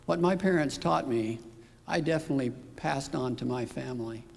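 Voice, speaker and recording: Middle-aged dad with a gravelly voice, slow reflective storytelling, long reverb around him. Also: male voice, medium pitch. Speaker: father telling his story. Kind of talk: personal testimony.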